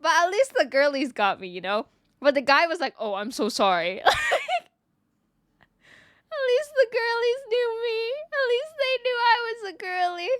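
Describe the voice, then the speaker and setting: A woman's voice: fairly high pitch, a bit bright, no room sound, studio quality. A young woman VTuber streamer chatting casually with her viewers, playful and giggly. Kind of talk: casual stream chat reading viewer messages.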